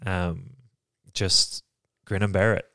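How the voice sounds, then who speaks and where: A man from England, co-hosting a podcast and talking candidly about his life in a reflective, halting way. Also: low voice, flat delivery, smooth, no echo, clean studio sound. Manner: reflective, halting, soft-spoken. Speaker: podcast co-host. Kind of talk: candid personal conversation.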